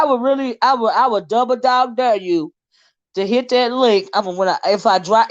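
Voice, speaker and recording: A woman's voice: on the high side, no room sound, lo-fi sound. A woman hosting a casual live stream, laughing often, teasing her chat and getting sidetracked as she reads comments. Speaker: livestream host.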